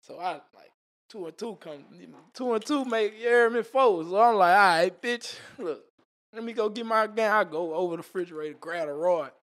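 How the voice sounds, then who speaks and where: This guest, a man whose voice runs somewhat high, narrates a wild story at a moderate pace in a laid-back podcast interview. He's animated and rough, swears through heavy slang, and drops in sounds like "boom" and "vroom."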